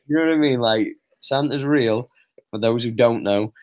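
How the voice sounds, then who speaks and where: A man's voice: mid-range voice, normal speed, darkish tone, highs cut off. A man co-hosting a casual comedic podcast, bantering loosely and laughing between profane remarks. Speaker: co-host.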